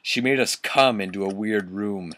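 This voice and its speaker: A man's voice: fairly low pitch, moderate pace, background noise. A young man doing a comic reading of a bad story, mocking and swearing at the text. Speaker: reader.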